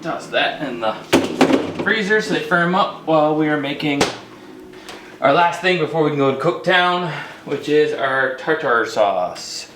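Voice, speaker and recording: A man's voice: fairly high pitch, expressive, measured pace, roomy sound, noisy background. A man hosting a casual cooking demonstration in a kitchen, joking and poking fun at himself as he rambles through the recipe. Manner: joking, self-mocking, rambling. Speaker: outdoor cooking show host.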